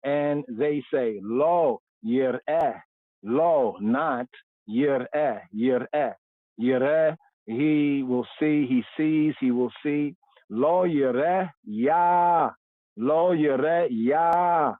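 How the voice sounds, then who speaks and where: A man's voice: a little high, no room sound. A man leads a livestreamed scripture lesson, and his voice comes through a thin, tinny, phone-like line with no room sound. He stretches out foreign words and says them again and again. He often stops to ask "right?". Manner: drawn-out repetition of Hebrew words, frequent "right?" check-ins. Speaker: host teaching scripture and Hebrew. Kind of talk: livestreamed Bible study.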